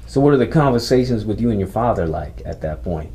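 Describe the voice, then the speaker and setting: A male interviewer with a low, mellow voice asks calm, prompting questions. He nudges the guest along with short murmured affirmations. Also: fast, gravelly.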